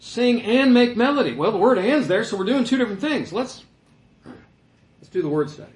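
A man preaching with animation, firing questions and answering them, then reading scripture aloud. His voice sits a little high for a man. The room gives it a clear echo. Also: sing-song, moderate pace. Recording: echoey room.

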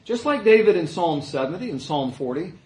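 Male pastor mid-sermon, earnest and emphatic, voice on the higher side, reverberant church room. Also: big pitch swings, darkish tone. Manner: earnest, emphatic teaching with frequent "uh" pauses. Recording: echoey room.

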